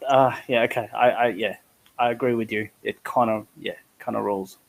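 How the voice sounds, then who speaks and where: An Australian man chatting casually in an online community hangout. He tells rambling, self-deprecating stories and often stumbles and restarts his sentences. His voice sits at an ordinary mid pitch. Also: steady tone, fairly quick, gravelly. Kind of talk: casual chat.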